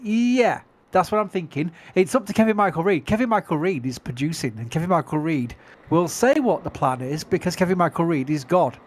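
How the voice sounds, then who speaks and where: A middle-aged man with a Yorkshire English accent chats casually on a livestream. His voice sits a little high, and he is self-mocking and laughs easily. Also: animated, brisk. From England. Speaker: livestream commentator.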